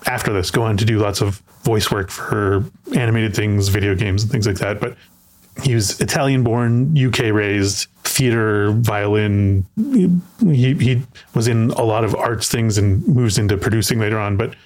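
A man's voice: on the low side, moderate pace, a little mellow. A man hosting a podcast, chatting casually about a film and often repeating words as he thinks aloud. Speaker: podcast host.

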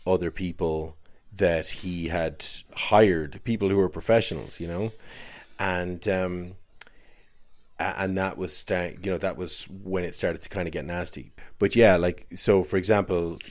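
A man's voice: deep voice, fairly even intonation, a little slow. An Irish man telling a long, rambling story in casual chat, often restarting his sentences and laughing as he goes. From Ireland.

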